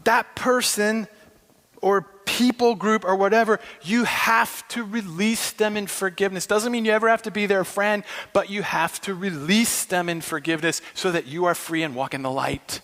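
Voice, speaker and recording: A man's voice: high voice, steady tone, normal speed, fairly bright tone. A man preaching a sermon in an impassioned, emphatic way, acting out dialogue. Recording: long hall reverb.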